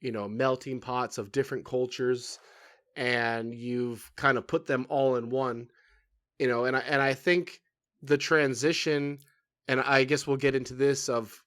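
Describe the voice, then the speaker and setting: A man's voice: mid-range voice, fairly even intonation, a little slow, a bit bright. Man, podcast host, casual interview, winding questions, lots of fillers. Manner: thoughtful, rambling questions with many fillers.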